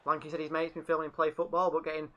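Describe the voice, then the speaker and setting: This male fan-channel streamer calls a match live, chatting and reading viewer messages in between the action. He speaks very fast in a fairly high, monotone, fairly bright voice, and the audio is dull.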